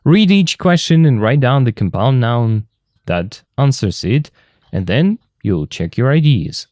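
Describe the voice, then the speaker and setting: A male English teacher, a native Russian speaker, talks through a textbook lesson in a lively, patient way, drawing out his examples. His voice is recorded close and dry, with no room sound. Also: medium pitch, no echo. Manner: patient, clear, repeats examples slowly.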